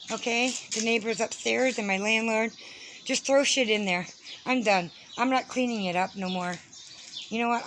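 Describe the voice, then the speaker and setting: A woman vlogging outdoors with a handheld phone, walking around and ranting in a fed-up way, swearing often. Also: a little high. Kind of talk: walking tour vlog, complaining. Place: outdoors around a house with birds. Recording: noisy outdoor phone recording.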